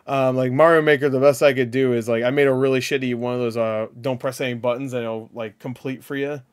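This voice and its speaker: A man hosting a casual reaction video, talking excitably, swearing and laughing at what he sees. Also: medium pitch, quick pace, clean tone. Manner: excitable, swears often, laughs and yelps at jump scares.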